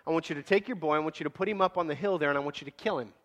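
A preacher voicing God in a plain, commanding way during a sermon. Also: male voice, a little high, very fast, a bit bright, highs cut off, lightly acted. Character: God, calm commanding fatherly voice.

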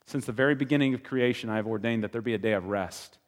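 Man, pastor, sermon, animated storyteller, mid-pitched voice, long hall echo. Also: fast talker. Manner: animated storytelling, rising to loud exclaiming.

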